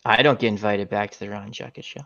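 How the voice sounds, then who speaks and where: A middle-aged host with a fairly low, creaky voice talks quickly, sounding pushed and bright over dull audio. On his casual chat show he tells jokey stories, doing the voices of the people involved.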